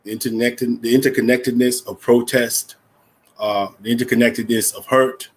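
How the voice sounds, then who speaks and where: A man's voice: mid-range voice, level tone, brisk, husky. A man with a New York accent hosting a live event, playful and riffing on repeated words before introducing the next artist. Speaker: event host.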